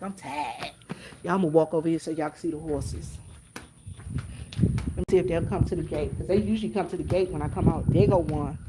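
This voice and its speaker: This woman has a lowish voice against a noisy background. She's a vlogger streaming on her phone from the countryside near horses, chatting in a repetitive, easygoing way and constantly addressing viewers as "y'all."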